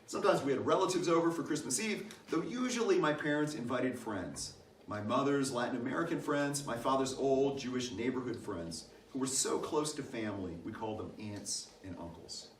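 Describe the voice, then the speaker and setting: A man's voice: medium pitch, normal speed, a little hiss or hum. An older man reading a personal essay aloud at a church Christmas program, in a reflective storytelling manner. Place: church meeting house. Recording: echoey hall, mic some distance off.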